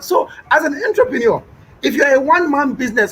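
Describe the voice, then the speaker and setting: A man's voice: extremely high pitch, animated, quick pace, pushed and bright, poor audio. A young Nigerian man with a Nigerian accent, a business owner speaking in an interview, emphatic and repetitive, mimicking customers. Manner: emphatic, repeats points, mimics callers. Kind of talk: animated interview talk.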